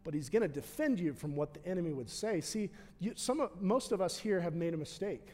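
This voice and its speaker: A man preaching in a church with a high voice for a man. He swings from loud, fervent declarations down to hushed, tender prayer. His voice rings out with a long reverb in a big hall. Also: animated, brisk, few pauses. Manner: impassioned, swells louder and higher at key points, then drops quiet. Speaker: pastor. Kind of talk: sermon.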